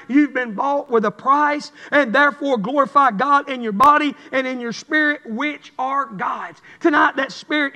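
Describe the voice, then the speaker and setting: A man's voice: very high voice, pushed and bright. A man preaching a revival sermon in church, with a rhythmic, building cadence. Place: church sanctuary. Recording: long hall reverb.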